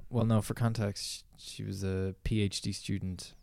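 A man's voice: on the low side, flat delivery, normal speed, gravelly, a little mellow, no room sound, clean studio sound. A man co-hosting a podcast, telling a rambling story in casual chat with plenty of fillers. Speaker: podcast co-host.

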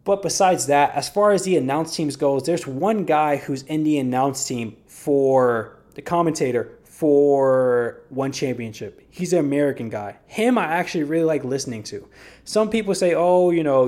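A man's voice: fairly high pitch, a little mellow. A man hosting a solo podcast, giving blunt, profane, rambling opinions in casual talk. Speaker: podcast host.

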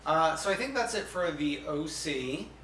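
A man's voice: a little high, lively intonation, moderate pace, bright, forceful tone. A man co-hosting a podcast, chatting casually and easygoing. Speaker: podcast co-host. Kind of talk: casual chat. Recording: echoey room, mic at a distance, faint noise.

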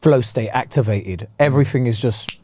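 A man, co-hosting a podcast and telling stand-up stories in a lively, swearing way, acting out the people he quotes. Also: normal speed, a little hiss or hum. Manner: animated, swearing, acts out quotes with big pitch jumps. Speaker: podcast co-host and stand-up comedian. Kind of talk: casual storytelling chat.

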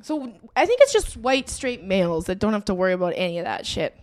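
A woman's voice: medium pitch, very animated, quick pace, a little mellow. A woman co-hosting a comedy podcast, chatty and blunt, laughing often in casual talk. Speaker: podcast co-host.

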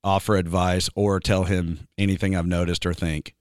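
Rambling worship pastor, smooth low voice. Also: male voice, little pitch movement, moderate pace, dry recording, clean studio sound. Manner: rambling, filler-heavy, breaks into singing snippets. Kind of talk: casual chat.

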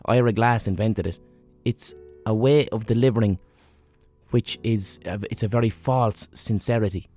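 A man's voice: lowish voice, moderate pace, darkish tone, faint music behind. A man hosting a podcast, talking off the cuff in a blunt, sweary, rambling way while sick with a fever. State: feverish, unwell. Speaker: podcast host. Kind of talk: casual solo monologue.

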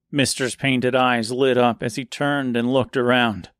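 A man reading a dark fairy-tale serial aloud in slow, measured scripted narration. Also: mid-range voice, flat delivery, dry recording.

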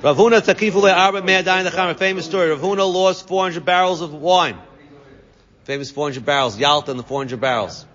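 A man instructs a Talmud class, giving the English for each Aramaic phrase. His voice is a little high and a bit bright, and his pace is a little fast. It's a dull lo-fi recording with a long reverb tail.

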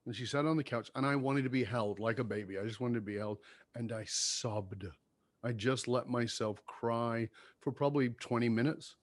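A man's voice: medium pitch, moderate pace, no echo. Earnest man telling a candid story. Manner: earnest, emphatic, acts out dialogue.

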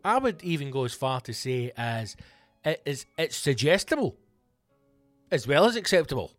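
A man's voice: medium pitch, very animated, normal speed, no room sound, soft background music. A Scottish man hosting his own comedy podcast, answering listener questions in a casual monologue with sweary, mock-grand flourishes and teasing the listeners by name. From Scotland.

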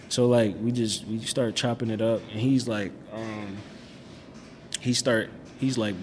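A man's voice: medium pitch, fairly even intonation, normal speed, darkish tone. Young guy chopping it up, slangy n loose, mid voice, echoey room w faint hum behind. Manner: slangy, laid-back, lots of "like" and "bro". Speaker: guest telling his faith story. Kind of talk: casual storytelling.

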